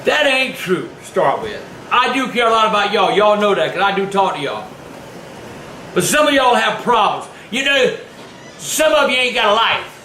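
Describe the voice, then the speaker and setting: An older man with a drawl tells his stories in a profane, blustering rush that keeps boiling over into shouting. His voice sits high for a man and has a sharp, bright edge. A faint room noise hangs behind him. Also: very animated, normal speed. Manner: foul-mouthed, blustering, erupts into shouting. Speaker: storytelling vlogger. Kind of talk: profane storytelling.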